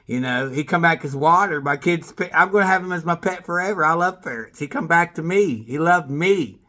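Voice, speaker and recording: Rambling man with a higher voice. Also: brisk, bright, forceful tone. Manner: rambling, addresses people by name; jumpy, trailing off mid-sentence. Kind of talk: rambling monologue to camera.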